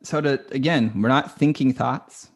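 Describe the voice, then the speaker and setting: A man with a voice of ordinary pitch speaks as a coaching guest on a podcast. His talk is casual and earnest, full of loose filler words. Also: moderate pace. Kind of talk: conversational podcast interview.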